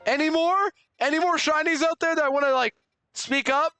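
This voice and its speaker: A young man streaming a game live, chatting with viewers and loudly overreacting to surprises. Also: very high-pitched, moderate pace, no room sound.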